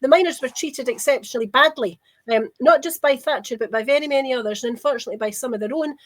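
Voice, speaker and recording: A woman co-hosting a political discussion, talking in an indignant, emphatic way and slowing down to stress her points. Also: high-pitched. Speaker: panel co-host.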